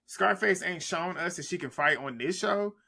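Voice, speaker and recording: A man's voice: high-pitched, normal speed, vocal fry, bright, forceful tone, slight background noise. A man, recapping a reality show in casual, blunt, trash-talking commentary.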